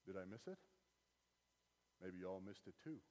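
Wry preacher in a reverberant hall. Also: male voice, deep voice, lively intonation, moderate pace, dark tone. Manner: conversational and wry, rising to emphatic preaching. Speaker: pastor. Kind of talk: sermon.

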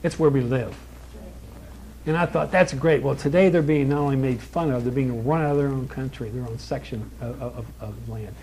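A man preaching a sermon in a plain American voice, emphatic, building lists with rising stress and slowing down for key lines. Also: medium pitch, dark tone, slight background noise, poor audio. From born in Kentucky, raised in California.

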